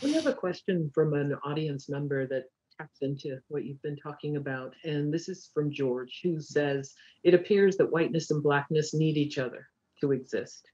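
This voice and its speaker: A man moderating a virtual talk over a video call, calmly reading out an audience question. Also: fairly high pitch, moderate pace, few pauses, breathy edge. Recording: dull lo-fi call audio.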